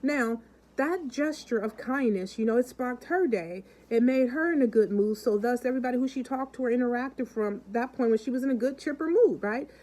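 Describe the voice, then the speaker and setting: A woman's voice: fairly high pitch, brisk, dark tone, poor audio. A woman vlogger chatting casually with her viewers and telling stories, acting out the people in them. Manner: chatty, keeps calling out to the viewers. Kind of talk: casual chat and storytelling to viewers.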